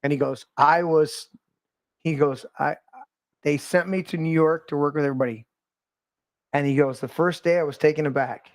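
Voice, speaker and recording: Male podcast host, slightly high voice, animated storyteller, swears a lot, dry sound. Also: normal speed, long pauses, no echo. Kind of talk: casual conversation.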